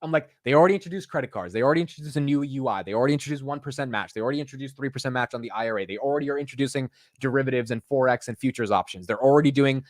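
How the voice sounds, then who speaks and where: A man hosting a stock market show, rattling off his thoughts quickly in loose, slangy casual chat. His voice sits at an ordinary pitch and is recorded close and dry, with no room sound. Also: no echo. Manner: fast, animated, casual with slang and restarts. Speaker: host.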